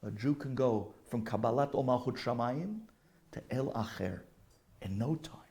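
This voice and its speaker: A man's voice: medium pitch, moderate pace, darkish tone. A middle-aged man, a rabbi, telling a heartfelt story in a sermon, using Hebrew and Yiddish terms.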